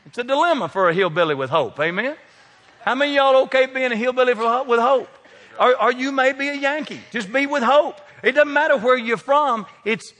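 A male pastor with a very high, bright voice delivers a sermon full of folksy humor, joking and calling congregation members by name. The large church sanctuary gives the recording a long hall reverb.

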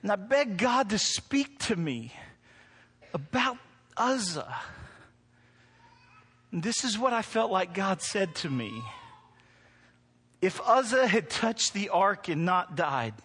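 A middle-aged man preaches a sermon to his congregation in a church, his voice high and bright. He mixes humorous personal stories with emphatic preaching. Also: big pitch swings, takes it slowly, long pauses, slightly rough. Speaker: pastor.

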